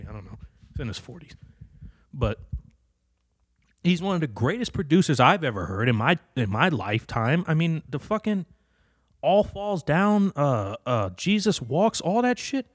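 A man's voice: mid-range voice, dry recording, studio quality. A man in a heated, profane casual rant, repeating himself and swearing often as he gives his opinions. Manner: profane, heated, repetitive ranting.

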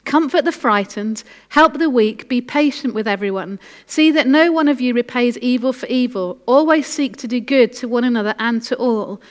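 A woman's voice: fairly high pitch, moderate pace, hardly any pauses, natural voice. Woman reading as a distressed young prisoner. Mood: hesitant. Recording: echoey hall.

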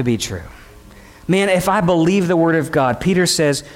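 High-voiced man preaching with emphatic fervor. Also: animated, moderate pace. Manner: emphatic, conversational preaching with rhetorical questions. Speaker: pastor. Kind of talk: sermon.

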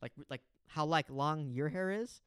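A man's voice: fairly high pitch, unhurried, a bit bright, clear, resonant tone, no room sound, clean studio sound. Rambling young guy telling a story. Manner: swears freely, rambling with restarts, acts out quotes. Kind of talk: casual chat.

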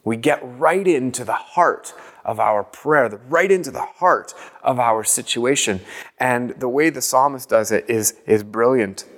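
A man preaching a sermon, earnest and reflective, softly repeating short phrases as he speaks. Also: mid-range voice, measured pace, long reverb tail. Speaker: pastor.

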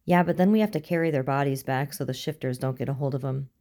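A woman voicing a wary male soldier who speaks low and matter-of-fact. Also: fast, mellow.

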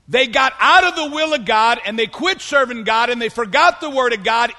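Fervent high-voiced male preacher in a hall. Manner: fervent, rising to shouts. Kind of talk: sermon. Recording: long hall reverb.

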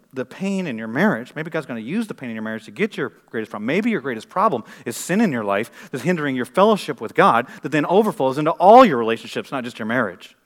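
A man preaching a sermon in a church, shifting between loud, emphatic stretches and quiet, intense ones. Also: a little high. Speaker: pastor.

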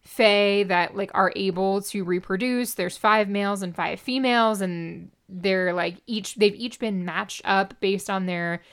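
A woman's voice: medium pitch, measured pace, hardly any pauses, clear, resonant tone. A woman co-hosting a casual podcast, wryly recapping a book and reading passages aloud. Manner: wry, animated, reads passages aloud. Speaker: podcast co-host reviewing a book. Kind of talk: casual chat.

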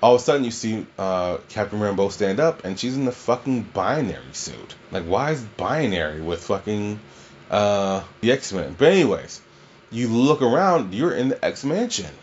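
A man's voice: fairly low pitch, sing-song, normal speed, highs cut off, slight background noise. A man casually reviewing a film, rambling and swearing, full of fillers and restarts. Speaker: movie reviewer.

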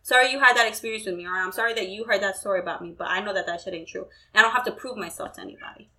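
A woman's voice: mid-range voice, racing, sharp tone, low-quality recording. A young woman in casual, candid chat who swears freely and acts out quoted conversations.

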